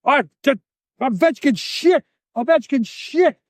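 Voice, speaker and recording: A man doing a gruff Russian soldier in broken English. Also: a little high, lively intonation, warm tone, no echo, clean studio sound. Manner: clipped, halting English, blunt.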